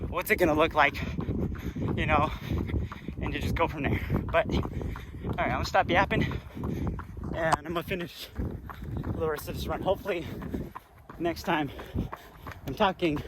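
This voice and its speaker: A man's voice: on the high side, fairly even intonation, moderate pace, long pauses, heavy background noise. A young man rambling and swearing in a casual vlog while running, a little out of breath, outdoors on a hilly public trail. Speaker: vlogger.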